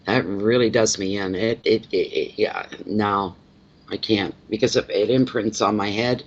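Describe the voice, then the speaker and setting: A Canadian man runs a laid-back live stream as a tarot reader, chatting with his viewers and welcoming each one. His voice sits on the low side and moves at a measured pace, though he rambles and repeats himself a lot. The sound is slightly dull and lo-fi.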